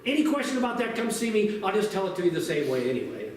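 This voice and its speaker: A man preaching a sermon to his congregation in a lively, conversational way, asking them questions as he goes. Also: high voice, fast talker, far from the mic, slight background noise. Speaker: pastor. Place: church sanctuary. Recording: very echoey church recorded from afar.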